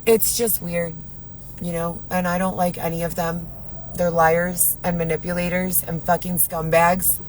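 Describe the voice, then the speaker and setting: A woman's voice: fairly low pitch, flat delivery, unhurried, a little hiss or hum, poor audio. A woman talking to camera in her car, rambling in an agitated, profane way as she vents to her viewers. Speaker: vlogger. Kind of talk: venting monologue to camera.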